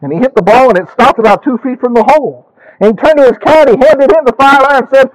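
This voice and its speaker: A man preaching a sermon, telling stories and rising into animated emphasis on his key points. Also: extremely high pitch, fast talker, poor audio.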